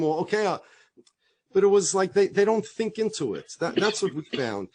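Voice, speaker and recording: A man's voice: sits high, normal speed. A middle-aged man speaking as a rabbi, telling stories in conversation, acting out the dialogue and repeating himself as he goes. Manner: animated storyteller, acts out quoted dialogue, frequent repetitions.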